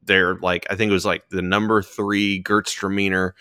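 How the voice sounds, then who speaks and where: A man's voice: low voice, level tone, moderate pace, bright, forceful tone, smooth, dry recording, clean studio sound. A man in his thirties, raised partly in Australia, chatting casually on a podcast, laid-back and often swearing. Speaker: podcast host. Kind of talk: casual chat.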